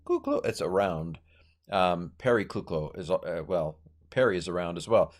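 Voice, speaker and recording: A man's voice: sits low, animated, unhurried. A middle-aged man teaching Greek grammar informally, thinking aloud with many fillers and corrections and playful asides. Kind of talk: informal Bible language lesson.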